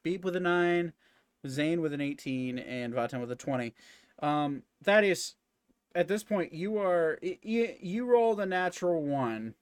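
A man narrating as game master of a tabletop game in a casual, halting way with many fillers. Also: fairly high pitch, expressive, clean tone, no room sound, studio quality.

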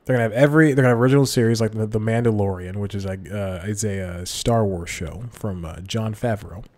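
Talking quickly in a lowish, slightly mellow voice, a man runs his podcast by himself from a desk mic with headphones on. He rambles in a casual way, often chuckling at asides and frequently correcting what he just said.

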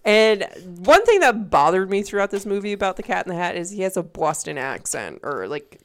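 A young woman co-hosting a podcast, chatting casually in an animated, joking way and swearing freely. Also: mid-range voice, a little fast. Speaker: podcast co-host. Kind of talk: casual chat.

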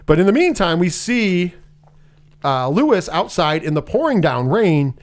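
Guy retelling a movie scene by scene, fairly high voice that jumps all over, does little voices for the characters. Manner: animated retelling, acting out scenes in quick voices. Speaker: movie podcast co-host. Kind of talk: casual movie recap chat.

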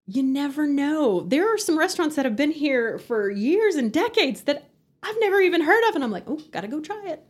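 A woman's voice: high voice, big pitch swings, moderate pace. A middle-aged woman, a guest chatting casually in an interview, laughing often and acting out quotes. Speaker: podcast guest.

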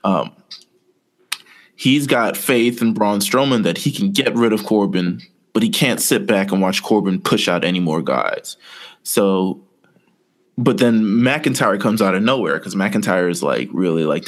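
Podcast co-host, male, lowish voice, loose rambling storyteller, casual chat. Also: lively intonation, unhurried. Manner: rambling, filler-heavy storytelling.

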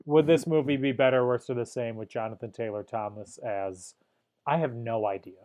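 A man's voice: mid-range voice, darkish tone. Dry-humored man reviewing a movie. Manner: dry, wry, reads trivia haltingly. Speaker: podcast host. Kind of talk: casual movie review chat.

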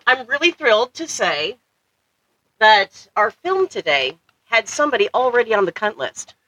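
Woman co-host, bawdy and giggly, with a bright tone and a voice that swings up and down. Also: fairly high pitch, big pitch swings, normal speed, no room sound, poor audio. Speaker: podcast co-host. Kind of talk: crude comedic podcast banter.

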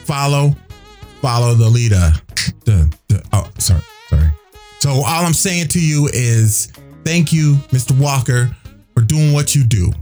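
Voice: medium pitch, lively intonation, unhurried, mellow, faint music behind. A radio host chatting casually on air, emphatic and preachy, repeating phrases for effect.

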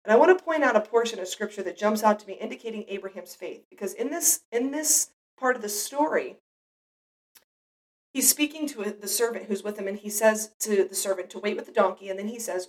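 A woman's voice: mid-range voice, a little fast, distant mic, rough recording. A mother giving an earnest, reflective devotional Bible teaching, speaking directly to the listener.

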